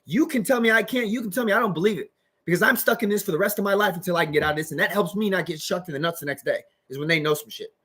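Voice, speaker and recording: Agitated, husky-voiced man ranting fast. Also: high-pitched, fairly bright tone. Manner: agitated, rambling, swears heavily. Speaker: vlogger. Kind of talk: profane ranting monologue.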